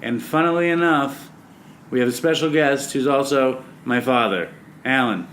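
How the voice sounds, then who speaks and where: Man, podcast co-host, teasing, from new york, faint background hiss. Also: medium pitch. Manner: teasing, bursts into quick excited asides. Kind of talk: casual podcast banter. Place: apartment room.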